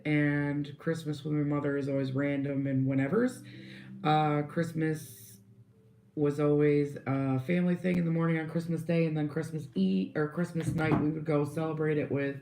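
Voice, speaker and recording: A woman's voice: deep voice, a little mellow, roomy sound. A woman co-hosting a casual wine-tasting podcast, losing her voice, with a wry, easygoing way of talking. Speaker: podcast co-host.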